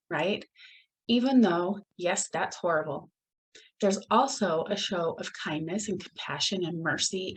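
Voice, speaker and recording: A woman talks alone on her podcast in a slightly low voice. She is earnest and reflective and stops to pause and restart her thoughts. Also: rough recording. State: gets emotional at moments. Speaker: podcast host. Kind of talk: solo podcast talk.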